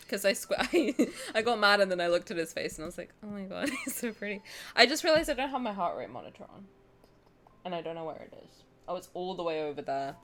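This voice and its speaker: A woman streamer with a bright, high-ish voice that leaps all over her range as she talks to her chat. She coos at game characters, swears freely and shrieks at viewers in mock protest, with faint game music playing behind her. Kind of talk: live-stream gacha reactions, chatting with chat.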